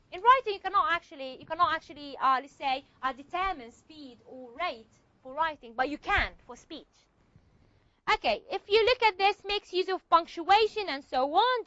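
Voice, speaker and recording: A woman's voice: very high-pitched, pushed and bright, no room sound. A woman teaching a university linguistics class in a classroom, explaining step by step and checking in with her students. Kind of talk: classroom lecture. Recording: slightly muffled lo-fi recording.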